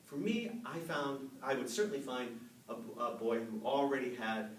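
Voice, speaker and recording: A man in his fifties giving an animated, storytelling speech to a club audience and laughing along with them. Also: mid-range voice, normal speed. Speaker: Toastmasters speaker. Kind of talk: public speech. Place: meeting room with a live audience. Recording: echoey room, mic from far off, faint noise.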